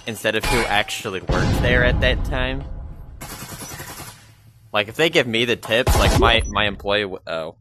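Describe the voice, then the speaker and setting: Talking into his VR headset mic, a young man in a casual gaming vlog grumbles about his job, rambling with lots of fillers. The voice is mid-range, bright and forceful, with slight hiss or hum in the background.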